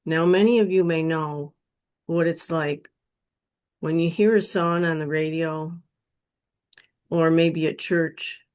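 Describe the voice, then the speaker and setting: A woman's voice: deep voice, steady tone, darkish tone. A woman telling her personal near-death experience story in an earnest, emotional way. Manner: slow, earnest, emotional retelling.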